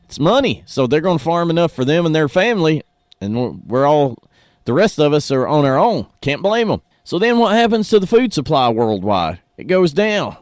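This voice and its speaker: A folksy man with a drawl hosts a morning radio show, his pitch swinging up and down with lively energy. He speaks close and dry in a studio, opinionated and chatty. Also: normal speed, dry recording. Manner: folksy, animated, opinionated, says "y'all".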